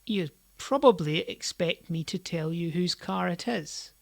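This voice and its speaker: Woman, language teacher, unhurried, measured explaining voice. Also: lowish voice, creaky, dry recording. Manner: slow, deliberate explaining with stressed example sentences. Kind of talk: scripted language lesson.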